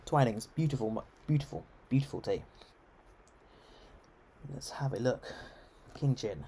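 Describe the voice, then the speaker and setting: Man, English RP accent, live game commentary, chatty, rambling, self-correcting, average pitch. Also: expressive, measured pace, mellow, slight background noise. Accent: English, received pronunciation. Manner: chatty, rambling, many ums and restarts. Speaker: game streamer.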